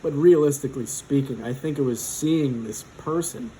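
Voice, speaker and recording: A man's voice: mid-range voice, normal speed, dark tone, a little hiss or hum, poor audio. A man in his twenties telling a personal story casually, rambling with lots of fillers and swearing.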